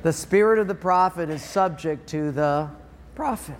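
An older man preaching a sermon as pastor, animated, acting out everyday scenes in playful voices. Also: on the high side, normal speed, slight background noise. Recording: reverberant hall.

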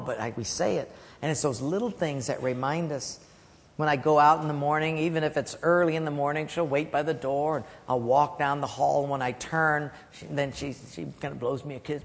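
A middle-aged male pastor tells stories from the pulpit, his fairly high voice trailing off into a soft hush whenever he makes a point. The sound carries a long hall reverb from a church sanctuary. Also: moderate pace, a little hiss or hum. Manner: storytelling, drops to a soft hush for key points. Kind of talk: sermon.

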